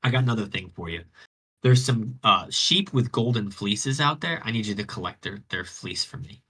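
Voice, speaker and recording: A man voicing a spiteful, jealous goddess, with shrill outrage and sassy modern slang. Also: animated, normal speed, bright, forceful tone. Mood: commanding.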